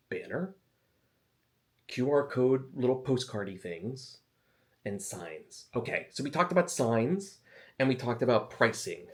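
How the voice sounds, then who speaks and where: A man talking casually to camera as an author giving advice, chatty and self-deprecating, wandering into asides. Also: mid-range voice. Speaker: author and video host.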